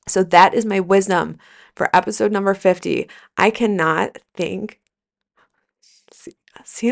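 A middle-aged woman hosts her podcast, delivering an emphatic, energetic pep talk with plenty of repetition and casual swearing. Her voice sits fairly low and has a gravelly, fried edge. She speaks into a close podcast mic. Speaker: podcast host and coach. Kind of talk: motivational podcast monologue.

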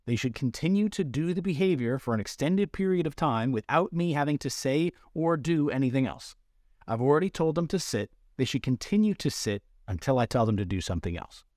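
A man's voice: medium pitch, animated, brisk, a little mellow, no room sound. Dry, close-miked man explaining dog training. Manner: explanatory, uses everyday analogies. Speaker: dog trainer, podcast host. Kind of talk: instructional podcast talk.

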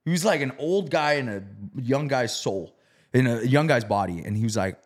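Animated, profane man telling a story. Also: mid-range voice, normal speed. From South Florida. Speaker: real estate investor. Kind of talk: casual storytelling.

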